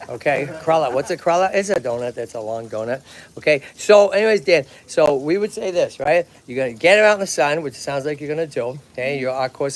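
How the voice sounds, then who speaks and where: A man with a Massachusetts accent hosting a livestream outdoors at a tortoise pond. He talks energetically and chattily, and keeps checking in with "okay?" and "right?". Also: medium pitch. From Lowell, Massachusetts. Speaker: tortoise rescue host. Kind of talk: livestream chat.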